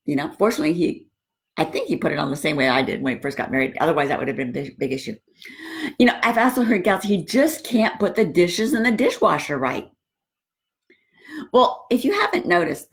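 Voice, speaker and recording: A middle-aged woman with a low voice talks casually to wives about marriage. She tells stories in a lively way and acts out what people said. She sounds like a warm-hearted coach speaking to her viewers. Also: creaky. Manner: chatty, animated storytelling with quoted dialogue. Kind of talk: casual talk to women viewers.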